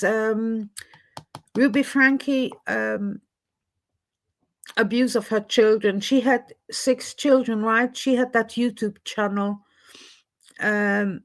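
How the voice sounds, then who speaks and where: A woman hosting a casual livestream chat, talking with many fillers and restarts. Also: on the high side. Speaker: livestream host. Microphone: computer mic on a livestream.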